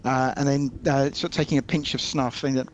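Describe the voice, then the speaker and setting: A man's voice: mid-range voice, little pitch movement, brisk, highs cut off, a little hiss or hum. A British man playing a tabletop game, talking in the manner of a foppish, pompous prince. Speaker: player. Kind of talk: tabletop role-play.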